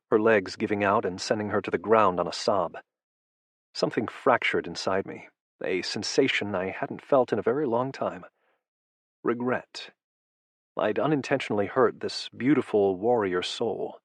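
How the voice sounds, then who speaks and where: A man reads a first-person audiobook in a low, intimate, measured voice. His tone is husky and sits low. The sound is dry and close, with no room around it. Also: no echo. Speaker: audiobook narrator.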